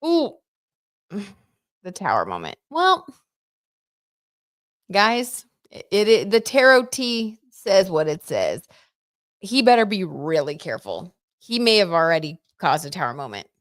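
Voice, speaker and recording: A chatty young woman runs a tarot livestream, talking to her viewers in an animated, filler-heavy way. Her voice sits on the lower side. The sound is dry and close, with no room around it. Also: no echo. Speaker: tarot reader and livestream host. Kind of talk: casual livestream chat with tarot reading.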